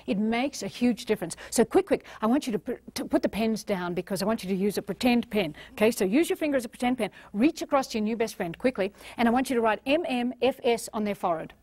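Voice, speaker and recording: Lively high-voiced woman trainer. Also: no room sound. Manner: playful and animated, acting out quotes with gasps. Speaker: leadership trainer. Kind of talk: live seminar talk to an audience.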